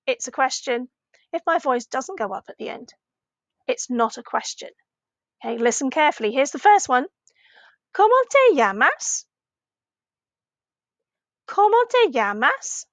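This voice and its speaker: A woman teaching a recorded lesson for children, slowly modelling phrases with a clearly rising question tone and patient, encouraging talk. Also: high-pitched, a bit bright, no room sound. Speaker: primary Spanish teacher.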